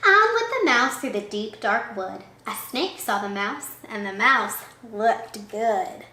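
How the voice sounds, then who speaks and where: A woman teacher reading a storybook aloud with a bright, crisp tone and a pitch that swings widely. She takes her time, talking slowly and warmly, and asks her young listeners questions along the way. The room around her is echoey. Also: animated. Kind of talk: reading a picture book aloud to children.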